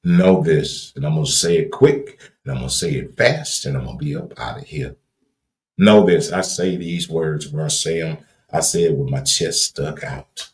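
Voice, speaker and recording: Deep-voiced Southern man preaching encouragement. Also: normal speed, echoey room. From Louisiana. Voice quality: deep, folksy, repetitive cadence. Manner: emphatic and earnest, builds to raised emphasis. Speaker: livestream host. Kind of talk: preachy motivational talk.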